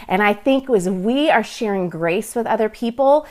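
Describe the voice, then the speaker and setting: A woman's voice: medium pitch, expressive, normal speed, few pauses, a little mellow. A woman from Southern California hosting a casual livestream chat, bubbly and chatty, answering viewer comments as she goes. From Southern California, USA. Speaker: blogger and livestream host.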